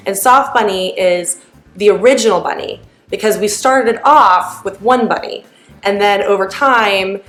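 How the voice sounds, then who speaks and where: A woman's voice: mid-range voice, a bit bright. Chatty mother in a roomy echo. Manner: chatty, meandering, with many fillers. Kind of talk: casual storytelling.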